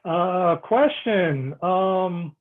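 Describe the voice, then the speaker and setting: Slow interviewer on a tinny line. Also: mid-range voice. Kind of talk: reading audience questions.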